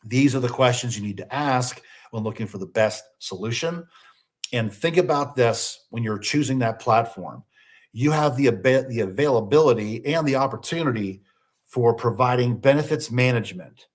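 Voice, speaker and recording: A man giving a business webinar presentation, posing questions and then answering them himself, with frequent "uh" fillers. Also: mid-range voice. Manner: slows down deliberately for listing items.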